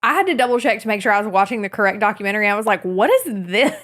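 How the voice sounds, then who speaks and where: A woman in her thirties co-hosting a casual podcast, lively and teasing, laughing often. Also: mid-range voice, very fast. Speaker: podcast co-host. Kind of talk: casual chat.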